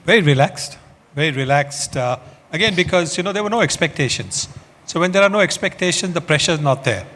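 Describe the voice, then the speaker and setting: A man's voice: on the high side, fairly quick. An older man with an Indian English accent, a former cricketer reminiscing fondly and easily on stage. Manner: relaxed, fond, with fillers. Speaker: former cricketer, panel guest. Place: large indoor awards hall. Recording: reverberant hall with faint ambience.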